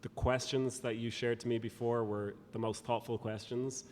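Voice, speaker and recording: A man with an Irish accent talks in measured, lilting sentences as an interview guest. His voice carries a long reverb tail from the room. A faint noise floor sits under him. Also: mid-range voice, level tone, darkish tone. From Ireland. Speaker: guest speaker. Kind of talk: conversational podcast interview.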